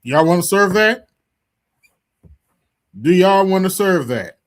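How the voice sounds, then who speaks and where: A man's voice: high voice, expressive, slow. Emphatic male livestream host. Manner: emphatic, repetitive, addresses audience directly. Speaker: streamer host. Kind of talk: casual commentary livestream.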